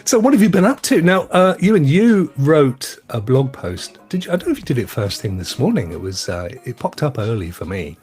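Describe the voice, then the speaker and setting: A man's voice: medium pitch, big pitch swings, a little fast, few pauses, a little mellow, soft background music. A man hosting a live show, joking and teasing as he introduces his panel. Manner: jokey, teasing introductions with lots of laughs. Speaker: podcast host. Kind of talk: casual live show banter.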